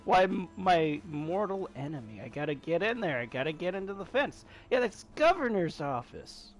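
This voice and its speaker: A young man giving excitable, jokey commentary while playing a video game. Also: on the high side, moderate pace. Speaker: gaming streamer. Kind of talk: casual gameplay commentary.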